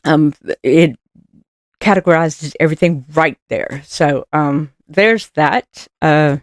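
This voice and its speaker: A woman's voice: low voice, takes it slowly, no room sound, clean studio sound. A woman giving casual motivational talk as a vlogger, chatty and rambling with fillers, earnest and encouraging. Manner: encouraging and earnest, laughing at herself.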